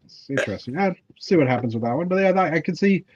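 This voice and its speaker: A man's voice: a little high, lively intonation, quick pace, highs cut off, a little hiss or hum. A man from Canada hosting a casual livestream chat, rambling with lots of fillers and restarts. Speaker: livestream host.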